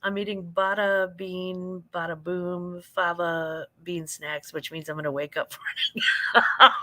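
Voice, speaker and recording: A woman's voice: lowish voice, little pitch movement, a little slow, pushed and bright. A middle-aged woman hosting a late-night livestream, chatting in a rambling way, laughing often and reading out viewer comments. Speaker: livestream host.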